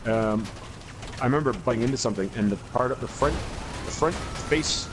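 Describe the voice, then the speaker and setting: A man in his forties co-hosts a casual gaming podcast, chatting while playing and telling long stories full of swearing and constant restarts. His medium-pitched voice comes fast, with background noise.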